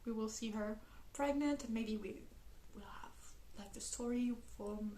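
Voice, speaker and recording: A young woman whose first language is French chats through a casual book review vlog in a high, bright-sounding voice. She gushes and laughs often, swearing casually as she talks, and the room around her rings with noticeable echo. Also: measured pace. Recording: echoey room.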